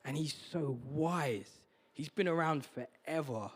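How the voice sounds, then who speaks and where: A man's voice: on the high side, unhurried. A man preaching as a guest speaker, earnest and confessional, often stumbling and repeating words. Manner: heartfelt and confessional. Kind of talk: sermon.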